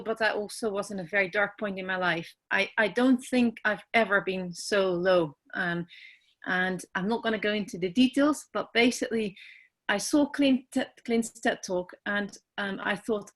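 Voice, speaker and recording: A Dutch woman with a Dutch accent, introducing herself on a video call, soft and hesitant, tearful and emotional. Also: mid-range voice. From Netherlands. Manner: soft, hesitant, halting with many ums. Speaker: team member on a group call.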